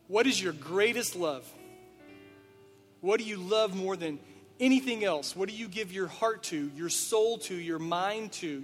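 High-voiced man preaching in an echoing hall. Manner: earnest, direct address with rhetorical questions. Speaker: pastor. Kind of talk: sermon. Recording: reverberant hall with faint music.

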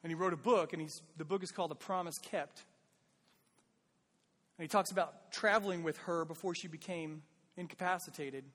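Man, pastor, earnest sermon, plain talk, slightly high voice, long hall reverb. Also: normal speed, fairly bright tone. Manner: earnest, pleading, conversational.

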